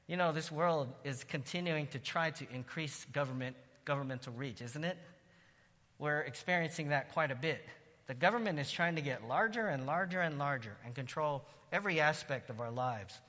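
A man preaching with a bright, fairly high voice that rings out in a long hall reverb. He teaches through the scripture in an even tone, then rises into loud calls of praise. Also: normal speed. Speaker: pastor. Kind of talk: sermon.

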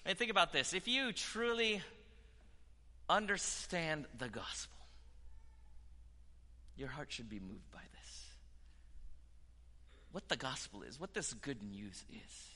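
Man, preacher, sermon, fervent, hushed to loud, piercing bright voice, long hall reverb. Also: a little high, lively intonation, takes it slowly, long pauses. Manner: impassioned, swinging from hushed to loud.

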